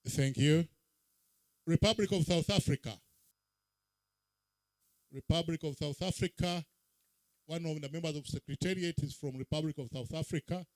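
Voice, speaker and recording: A man emceeing an event, his voice pitched a little high and carried dry and close over a handheld mic. He calls out names with punchy rising emphasis, as if to a crowd. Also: moderate pace, pauses often, no echo. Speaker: master of ceremonies. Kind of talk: event emcee roll call. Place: outdoor public event.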